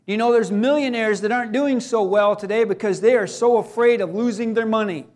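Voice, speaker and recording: A man preaching a sermon, talking to the congregation in a conversational way and breaking into loud acted cries. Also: high voice. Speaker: pastor.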